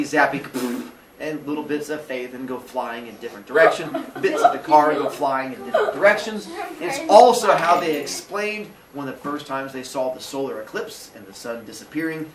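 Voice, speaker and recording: Male teacher, animated storyteller, fairly high voice, echoey classroom with the mic set off at a distance. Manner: playful, acts out characters, asks the class questions.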